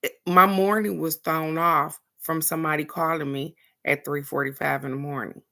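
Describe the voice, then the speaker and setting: A woman with a low, deep-set voice talks straight to her viewers as the host of a card reading show. Her delivery is animated and frank, and she drops into other people's voices to act out the story. She sounds blunt and unfiltered, with a curse word now and then. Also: normal speed, creaky. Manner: animated storytelling, acting out quoted voices, addressing viewers directly. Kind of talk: casual spiritual chat to viewers.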